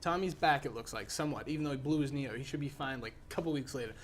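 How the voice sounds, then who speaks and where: A young man co-hosting a casual sports debate, excitable and joking, often talking over his partner. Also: mid-range voice, very fast, a crowd in the background. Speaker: co-host.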